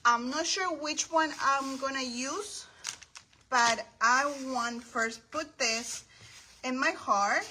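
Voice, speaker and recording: A woman hosting a casual craft livestream from her home craft table, chatting warmly with viewers by name and calling them her friends. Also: high voice, slight background noise, low-quality recording.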